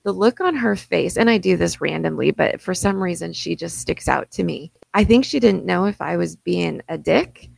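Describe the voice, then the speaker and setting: A woman's voice: fairly low pitch, lively intonation, normal speed, gravelly, few pauses, a little mellow, no room sound. A woman co-hosting a casual chat, talking in an earnest, encouraging way. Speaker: podcast co-host.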